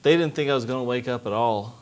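Male preacher, young adult, mid-pitched, testimony sermon, pleading intensity. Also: quick pace. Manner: impassioned, rising to loud pleading. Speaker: missionary preacher.

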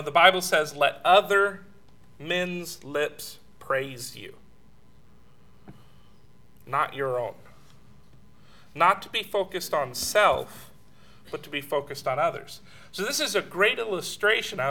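A man with a voice on the high side preaches a sermon, sharing personal stories with chuckles and sometimes dropping to a soft hush.

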